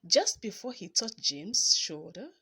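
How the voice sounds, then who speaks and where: Woman reading a kids story, slow and bright, a bit husky, lots of ups and downs. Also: mid-range voice. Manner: expressive, dramatic storytelling. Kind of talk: reading a children's story aloud.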